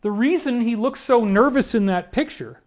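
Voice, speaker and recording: A man's voice: extremely high pitch, animated, moderate pace. A man talking through a series of photos in an earnest, emphatic monologue, often addressing listeners directly. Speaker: commentator.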